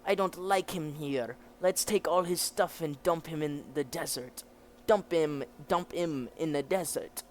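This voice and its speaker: A man voicing a gruff, hostile desert bandit who taunts and sneers. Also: on the high side, a little slow, a little hiss or hum, pitched above the performer's own voice, lightly acted. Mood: sneering.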